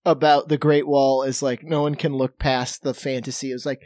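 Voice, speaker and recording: A man's voice: mid-range voice, moderate pace, no room sound, studio quality. A man, a comedian guest on a podcast, trading wry jokes in casual banter. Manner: wry, animated, playful.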